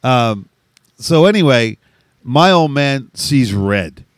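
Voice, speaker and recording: A middle-aged man telling a rowdy story in casual chat, animated, swearing freely and laughing often. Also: medium pitch, takes it slowly, dry recording, studio quality.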